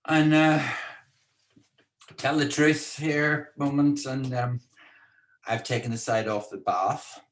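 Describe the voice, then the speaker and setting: A man's voice: mid-range voice, little pitch movement, slow, pauses often. A man hosting a casual live-streamed talk from home in a chatty, playful, teasing way. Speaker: co-host and speaker. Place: indoors at home.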